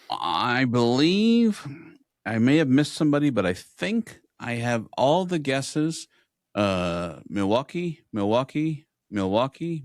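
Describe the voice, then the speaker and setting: A man co-hosting a casual podcast, reading listener messages aloud with plenty of ums and pauses. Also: medium pitch, dry recording, studio quality. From United States. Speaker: podcast co-host.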